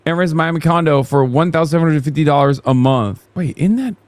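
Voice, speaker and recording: A man's voice: on the high side, a little fast, a little mellow, no room sound. A man hosting a live stream, reacting to clips with casual, sarcastic, mocking commentary and swearing.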